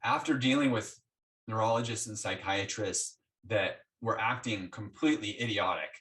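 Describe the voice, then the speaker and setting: A man's voice: fairly low pitch, moderate pace, far from the mic. A man being interviewed, telling his story in a conversational way and acting out the dialogue he had with his doctors. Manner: animated, acts out quoted dialogue with doctors. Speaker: interview guest.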